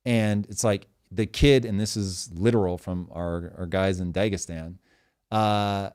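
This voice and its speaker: Low-voiced guy hosting, emphatic and sweary, casual chat. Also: unhurried, smooth. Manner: emphatic, profane, animated storytelling. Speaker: podcast host.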